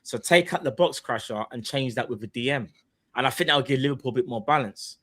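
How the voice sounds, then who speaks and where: A young man co-hosts a casual football podcast, rambling along at a quick pace and filling his speech with "like." His voice is medium-pitched and fairly bright.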